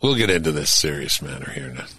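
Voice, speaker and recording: A man's voice: a bass voice, animated, fast, bright, forceful tone, slightly rough. An older man hosting a podcast, chatting casually about politics in a conversational way with chuckling asides. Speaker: podcast host.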